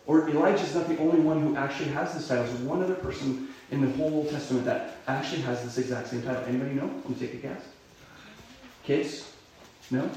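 Preaching a sermon in a relaxed, conversational manner, a male pastor uses many fillers and restarts and rises sharply into dramatic cries. His mid-range voice is a little mellow, captured far from the mic in a very echoey room.

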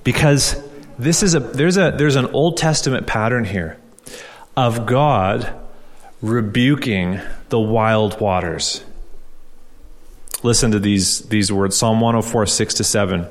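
A man's voice: fairly low pitch, slow. A male pastor preaching a conversational sermon, asking rhetorical questions and repeating key phrases for emphasis. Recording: long hall reverb.

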